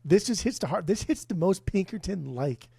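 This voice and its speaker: A man co-hosting a casual music podcast, loud, profane and rambling with enthusiasm, a few beers in. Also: sits high, animated, moderate pace, vocal fry, breathy edge, no room sound. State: tipsy from beers. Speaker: podcast co-host.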